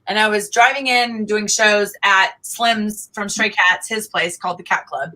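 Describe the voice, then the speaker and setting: A woman's voice: medium pitch, steady tone, moderate pace, sharp tone, low-quality recording. A middle-aged woman, chatting animatedly as a guest and laughing often. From Oklahoma. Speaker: guest singer-songwriter. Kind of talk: casual interview chat.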